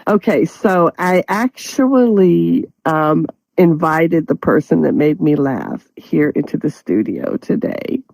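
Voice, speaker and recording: A woman's voice: low voice, animated, slow, creaky, hardly any pauses, darkish tone, dry recording, low-quality recording. A woman hosting a show, telling a funny story in casual chat and laughing through her words. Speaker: show host. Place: studio.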